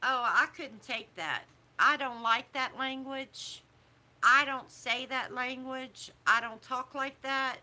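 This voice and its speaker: A middle-aged woman, talking casually to camera as a vlogger in a disapproving, preachy way with drawn-out emphasis. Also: high-pitched, sharp tone. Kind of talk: casual opinion talk to camera.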